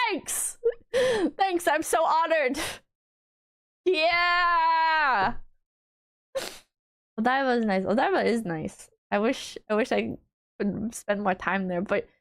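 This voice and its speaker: A woman streamer chatting casually on a livestream, gushing and bubbly, piling on fillers and restarts, and swooping up high when excited. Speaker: VTuber streamer.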